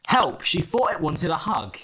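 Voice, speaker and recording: A man's voice: fairly high pitch, very animated, unhurried, bright, forceful tone, a little hiss or hum. A man hosting a reaction video, talking in a sarcastic, theatrical, mock-whiny way. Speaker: host. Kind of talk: reaction commentary.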